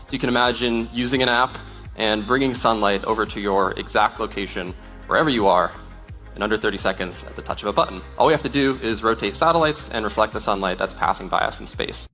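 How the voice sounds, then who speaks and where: A man pitching a product with enthusiasm, in a clip played on a show. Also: bright, forceful tone. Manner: enthusiastic, persuasive.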